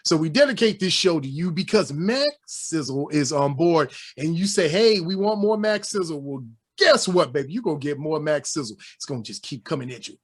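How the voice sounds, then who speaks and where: A man with a Northwest Indiana accent hosts a casual sports podcast in a slightly raised voice. He jokes around with lively, preacher-like flourishes between topics. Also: on the high side, a little fast, husky. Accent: American, Northwest Indiana. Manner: animated, joking, preacher-like flourishes. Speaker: sports talk show host.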